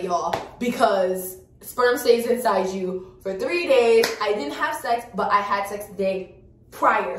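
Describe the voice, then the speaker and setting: A woman in her early twenties telling a personal story to her viewers in a frank, animated way, swearing freely. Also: mid-range voice, recorded from a distance, slight background noise. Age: early 20s. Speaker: vlogger. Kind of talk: casual storytime chat. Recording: echoey room, voice off-mic.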